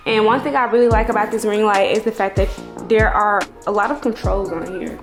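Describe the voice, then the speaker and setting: Young woman vlogging her salon suite, cussing and saying y'all a lot, kinda high voice, echoey open room. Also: normal speed. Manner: chatty, profane, addresses viewers as y'all. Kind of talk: casual room tour. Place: open loft-style salon suite with no ceiling. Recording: echoey room with music playing.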